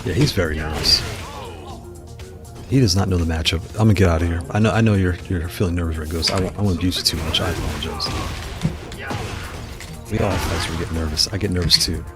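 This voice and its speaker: Over background music, a man with a low voice narrates his fighting game matches in a relaxed way. This gaming streamer tosses out playful trash talk at opponents and follows it with quick apologies.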